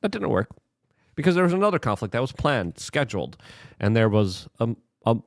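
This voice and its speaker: Heated, animated male political commentator. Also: mid-range voice, a little fast, vocal fry, no echo. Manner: heated, sarcastic, talks straight to the viewer.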